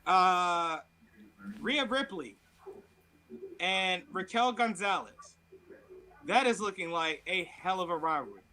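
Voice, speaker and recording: A man with a strikingly high voice holds the floor as a podcast co-host. He tells a story in casual chat, quick to swear and animated as he builds to the good part. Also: poor audio.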